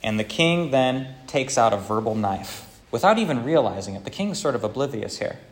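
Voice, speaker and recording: A man's voice: mid-range voice, very animated, moderate pace. A man preaching a sermon as pastor, earnest and conversational, with occasional hesitations. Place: church.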